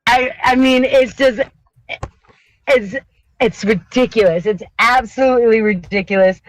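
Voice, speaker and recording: A woman's voice: on the high side, a little slow, poor audio. A woman co-hosting a live-streamed chat show, talking emphatically and bluntly, swearing freely and laughing often. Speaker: podcast co-host.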